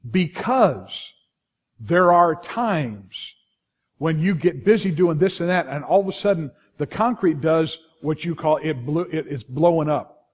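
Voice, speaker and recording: Preaching with a fairly high pitch, this middle-aged Californian-accented pastor turns his sermon into lively storytelling. Restarts and asides to the congregation run throughout.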